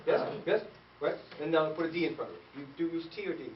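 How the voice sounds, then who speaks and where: Animated man conducting a school band. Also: fairly high pitch, quick pace. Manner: animated, playful, quizzing students. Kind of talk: school band rehearsal instruction. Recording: distant, echoey, dull room recording with hiss.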